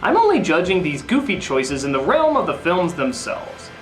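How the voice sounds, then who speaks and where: A man giving a comedic film review in the style of a famous critic, ranting and sarcastic, breaking into sudden high yells. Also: huge pitch swings, moderate pace. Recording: echoey room with faint music.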